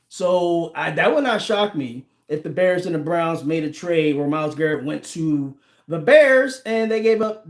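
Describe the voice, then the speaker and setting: Male livestream host, 40s, high-pitched, laughs and banters with chat, echoey room. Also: a little mellow. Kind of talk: casual livestream chat, reading viewer comments. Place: home room with a team flag behind.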